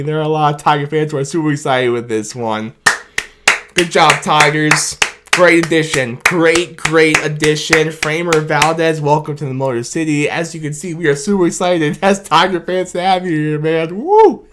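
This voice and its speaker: Excitable man rambling about his team. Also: on the high side, moderate pace, very noisy. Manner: excited and rambling, laughing often. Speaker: sports fan YouTuber. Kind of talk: excited instant-reaction vlog.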